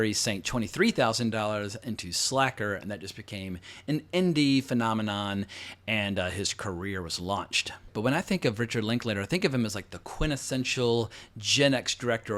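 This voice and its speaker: A man in his forties hosts a casual film commentary, drifting through asides in a chatty, rambling flow. His voice sits at an ordinary middle pitch. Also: a little fast, fairly bright tone. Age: 40s. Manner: rambling, conversational, with asides and fillers. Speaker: host.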